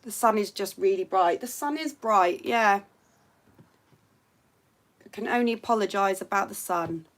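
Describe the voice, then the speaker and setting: A woman's voice: medium pitch, measured pace, pauses often. A woman hosting a casual live stream from home by a window, chatting to viewers in a rambling way and reading out their comments.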